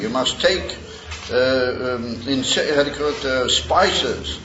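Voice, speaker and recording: A man teaching a Torah class in a halting way, with many pauses and fillers, reading Hebrew verses slowly. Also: medium pitch, pushed and bright, a little hiss or hum. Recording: roomy dull lo-fi recording.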